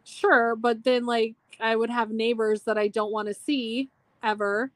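A woman's voice: on the high side, flat delivery, a little slow. A woman from Minnesota chatting wryly as a podcast guest, laughing easily. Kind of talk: casual podcast chat.

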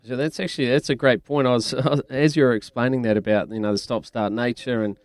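A man's voice: mid-range voice, fairly even intonation, a little fast. A man hosting a sports radio show, chatty and teasing, laughing often. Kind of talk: casual radio chat.

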